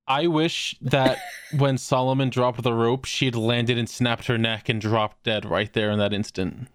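A podcast co-host trading deadpan, crude jokes in comedic banter. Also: mid-range voice, a little slow, no echo, studio quality. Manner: deadpan jokes, bursts into mock voices.

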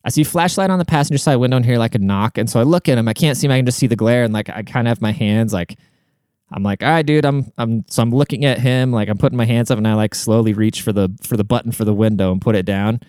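A man's voice: mid-range voice, fast talker, a little mellow, smooth, no room sound, clean studio sound. A young man from Washington State telling a story in a casual, rambling monologue, swearing often and checking in with his listener as he goes. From Washington State, USA. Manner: rambling, profane, conversational.

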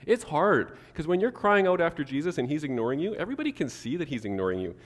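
A man preaching a sermon to his church, animated, acting out the people he quotes. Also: a little high, quick pace, big-room sound. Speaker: pastor.

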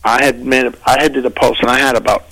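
Man, comedian guest, casual storytelling, animated, gravelly, dry studio sound. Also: mid-range voice, fast talker, dry recording, low-quality recording. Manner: animated, slips into voices for quoted people.

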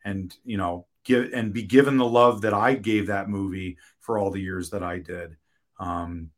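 A man's voice: low-pitched, fairly even intonation. A man speaking as an interviewed film director, talking candidly with frequent restarts and the occasional curse. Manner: frank, halting, many restarts and profanity.

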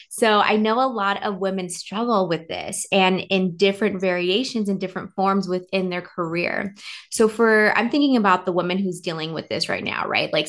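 Affirming woman podcast host. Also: mid-range voice. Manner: warmly affirming, conversational. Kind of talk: casual podcast interview.

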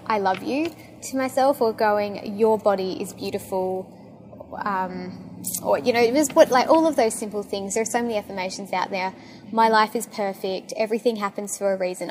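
A young woman with an Australian accent, talking casually and excitably as a podcast host, with lots of fillers. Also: medium pitch. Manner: chatty and excitable, full of fillers. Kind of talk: casual monologue.

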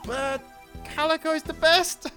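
A flustered thug's voice pushed very high and loud, bluffing through a door, as a player puts it on. It sounds a bit away from the mic and bright. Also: male voice, fairly even intonation, slow, faint music behind, heavily acted.

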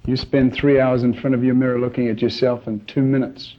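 A man preaching a sermon, telling stories in an animated way with acted-out sounds. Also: mid-range voice, brisk, lo-fi sound. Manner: animated storytelling with shouted sound effects.

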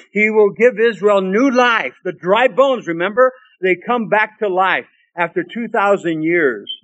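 A man's voice: high-pitched, a bit bright, dull audio. A man preaching a sermon, who reads scripture and repeats key lines for emphasis. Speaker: pastor.

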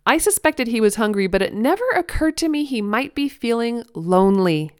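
A woman in her thirties hosting a parenting podcast, speaking earnestly, laughing softly now and then as she reads her own blog post. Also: a little high, very animated, normal speed, smooth, no echo, clean studio sound. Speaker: podcast host.

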